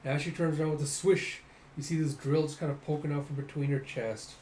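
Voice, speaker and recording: A man reads through a comic with animated narration and acted-out sound effects. His voice sits a bit high with a dark, mellow tone. It sounds like an echoey room with a faint hiss. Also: a little fast. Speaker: comic readthrough host. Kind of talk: casual comic readthrough.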